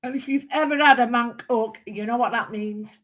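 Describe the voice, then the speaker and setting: A craft tutor talks her viewers through a live demo in a slightly high, fairly bright voice at moderate speed, rambling happily with lots of exclamations. The audio sounds muffled.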